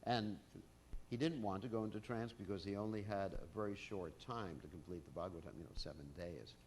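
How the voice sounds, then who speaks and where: Man, very low voice, devotional lecture, casual storytelling with fillers, faint rumble. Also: fairly quick, darkish tone. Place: temple hall with a masked audience.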